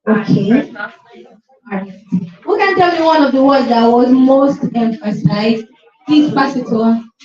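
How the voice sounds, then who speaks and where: High-pitched woman running a class session, keeps pushing kids to answer, echoey room, bit muffled. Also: slow, pauses often, darkish tone. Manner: prompting, repeating requests. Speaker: session host. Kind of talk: classroom moderation. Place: school classroom. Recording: echoey, dull, faint music.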